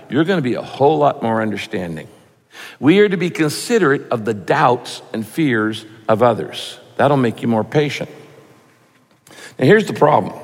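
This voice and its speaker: A man's voice: a little high, big-room sound. A man preaching a sermon as a pastor, with punchy rhyming lines and mock voices for his examples.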